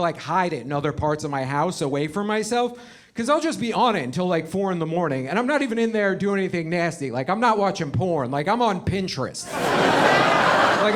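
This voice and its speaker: A man in his thirties doing a profane stand-up comedy set, acting out characters in an animated way. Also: sits high, a little hiss or hum. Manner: animated, profane, acts out voices. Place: comedy show with live audience.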